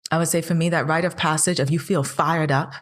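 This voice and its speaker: A woman in her thirties co-hosts a podcast, chatting casually in an earnest, questioning way that builds as she makes her point. Her voice is low-pitched with fairly even intonation, and she speaks briskly.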